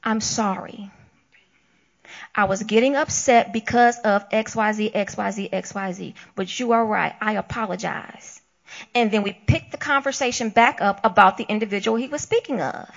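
A woman's voice: medium pitch, normal speed, vocal fry, highs cut off. A woman co-hosting a Christian talk show, preaching emphatically and acting out the voices she quotes.

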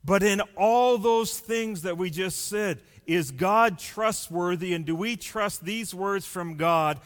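A male pastor delivering a sermon in a slightly high voice, speaking very slowly and deliberately. He stacks up rhetorical questions one after another. His voice rings out with a long reverb, as in a large church hall.

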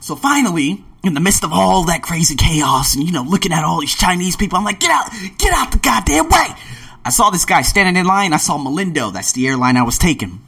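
A man's voice: on the high side, animated, fast talker, hardly any pauses, pushed and bright, slightly rough. A man in his late twenties telling travel stories in a casual vlog, acting out scenes with gasps and little voices. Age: late 20s. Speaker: vlogger.

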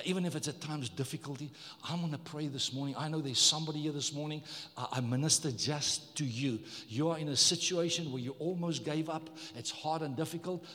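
A man's voice: medium pitch, fairly bright tone, in a large hall. A man preaching a sermon as pastor, emphatic, repeating words and calling on the congregation to respond. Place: church.

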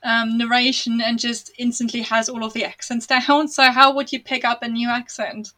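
A woman's voice: fairly high pitch, level tone, normal speed, bright, forceful tone. A British woman hosting an interview, friendly and laughing lightly as she thinks aloud. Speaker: host, author. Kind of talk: casual interview chat.

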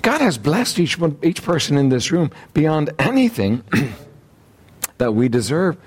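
Lively, emphatic preacher. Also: male voice, fairly high pitch, slow pace. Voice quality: frequent throat clearing. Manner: emphatic, repetitive, rhetorical questions. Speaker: pastor. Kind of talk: sermon.

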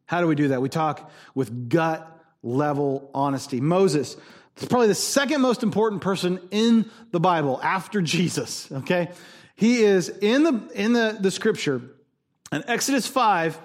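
A man's voice: high voice, big pitch swings, moderate pace. A man preaching a sermon as pastor, conversational and jokey with emphatic stresses.

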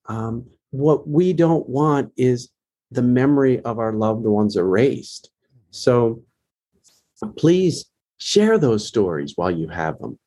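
Husky middle-aged man, earnest and emotional. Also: mid-range voice, sing-song, slow, mellow. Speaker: guest, bereaved father running a foundation. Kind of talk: podcast interview.

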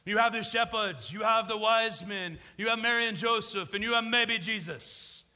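A man acting out a market vendor's eager sales pitch. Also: normal speed, pushed and bright, big-room sound. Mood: persuasive. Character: friendly male market vendor selling crafts.

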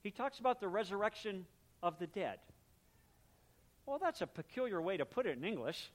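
A man preaching a sermon, explaining words and their meanings in a relaxed, talky way and briefly acting out little exchanges between people. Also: high voice, moderate pace. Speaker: pastor.

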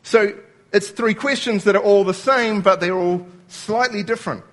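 A man's voice: sits high, normal speed. A man preaching a sermon, explaining scripture word by word and quoting lines as he goes.

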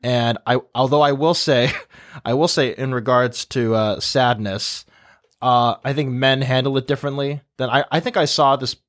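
A man's voice: medium pitch, moderate pace, fairly bright tone. A young man hosting a podcast panel, chatting casually and telling stories with many fillers. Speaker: podcast host.

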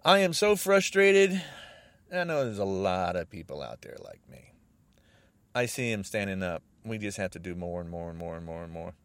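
An American man delivering an agitated political rant, repeating himself and swinging between raised outbursts and low muttering. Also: lively intonation, a little fast, clean tone. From United States.

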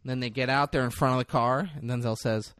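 A man's voice: medium pitch, brisk, smooth, dry recording, studio quality. A man casually recapping a film with a co-host, acting out the characters' lines and swearing freely. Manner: animated, acts out movie lines with big vocal swings and swearing. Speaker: podcast co-host. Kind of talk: casual movie recap chat.

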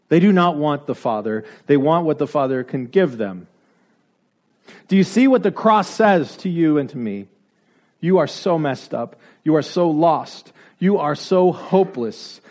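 A man's voice: fairly high pitch, darkish tone. A man preaching a sermon, driving his points home with repeated rhetorical questions and building to emphatic peaks.

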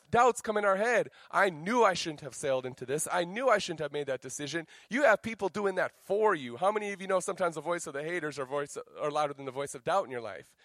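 Energetic joking male pastor. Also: high-pitched, no room sound. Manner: energetic, joking, swings to quiet storytelling. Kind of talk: sermon.

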